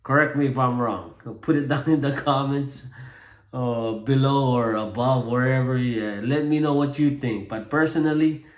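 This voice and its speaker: A man with a Chuukese accent talking casually to camera, relaxed and self-deprecating, often pausing on fillers as he switches between English and Chuukese. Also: mid-range voice, echoey room. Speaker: vlogger introducing himself as a translator.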